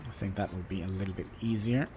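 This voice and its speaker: Halting Norwegian-accented man streaming a game. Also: low-pitched, steady tone. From Norway. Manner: halting, chatty, self-deprecating, talks to chat. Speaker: livestreamer. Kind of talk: casual gameplay livestream commentary. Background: faint background music.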